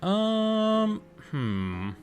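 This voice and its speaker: A man's voice: sits high, sing-song, extremely slow, faint music behind. A man casually commenting on his gameplay, thinking aloud in a chatty, playful way and answering his chat. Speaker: game streamer.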